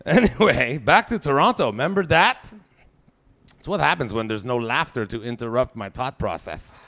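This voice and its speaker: A man's voice: mid-range voice, a bit bright. A man in his forties with a Québécois French accent, doing a profane, ranting stand-up comedy set. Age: 40s. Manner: profane, ranting, swears heavily.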